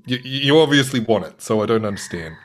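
Male podcast co-host, teasing and jokey, very expressive pitch. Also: a little fast. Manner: joking, teasing. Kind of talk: casual podcast chat.

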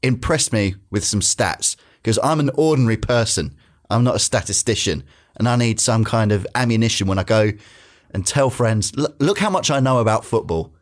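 Male host, low pitch, wry and playful. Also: animated, moderate pace. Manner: wry, playful, theatrical segment intros. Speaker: podcast host. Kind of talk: hosting a podcast segment.

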